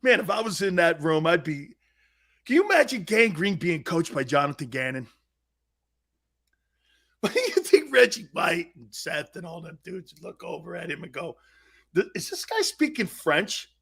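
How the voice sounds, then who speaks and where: Male sports talk host, loud and excitable, bright gravelly voice with big pitch swings. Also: normal speed. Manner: loud, laughing, shouting, mocking asides. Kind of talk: energetic sports talk rant.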